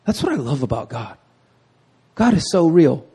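A man's voice: on the high side, big pitch swings, moderate pace, dark tone, slightly rough. A middle-aged male pastor preaching with energy, often asking the congregation "right?" and laughing at himself. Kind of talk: sermon.

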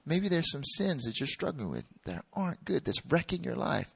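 A man's voice: on the high side, big pitch swings, normal speed, gravelly, a bit bright, breathy edge, no room sound. A man preaching a sermon in a conversational way, acting out little dialogues.

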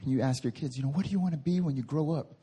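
A man preaching a sermon as pastor, lively, with playful voiced asides and big swings from loud to hushed. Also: medium pitch, rapid-fire, slightly rough. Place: church service.

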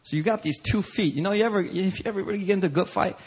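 Pastor guy telling a story in a sermon, high bright voice, bit husky, acts out all the voices. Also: very fast. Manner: animated storytelling, acts out voices, bursts into shouts.

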